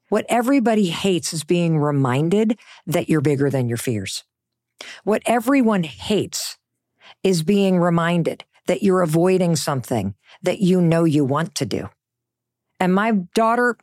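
A woman's voice: fairly low pitch, a little mellow, dry recording, studio quality. A middle-aged woman giving a motivational talk, emphatic and conversational, sometimes dropping into a whisper for effect. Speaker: motivational speaker.

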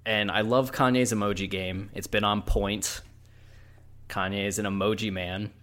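A man with a lowish voice riffs sardonically on a podcast, chatting loosely and laughing often. His talk trails off into fillers as he tells the story. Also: level tone, normal speed, fairly bright tone. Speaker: podcast co-host. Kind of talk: casual joking chat.

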